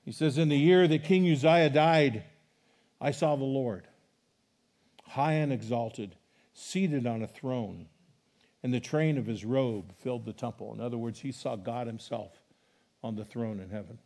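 A man's voice: mid-range voice, unhurried. A middle-aged man preaching a sermon as a pastor, reading scripture with rising emphasis and chatting to the congregation between passages. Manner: animated preaching, rising loud on scripture quotes.

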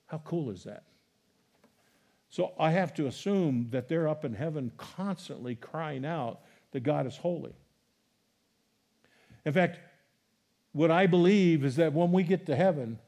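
A middle-aged man preaching a sermon as a pastor, reading scripture with rising emphasis and chatting to the congregation between passages. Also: a little high. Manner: animated preaching, rising loud on scripture quotes.

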